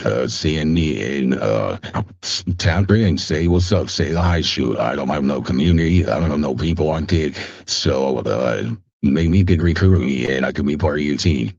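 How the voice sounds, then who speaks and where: A man's voice: a bass voice, expressive, moderate pace, creaky, a little mellow, no echo. A man chatting casually on a stream in a laid-back, slangy way. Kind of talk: casual chat. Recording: dry, dull lo-fi sound.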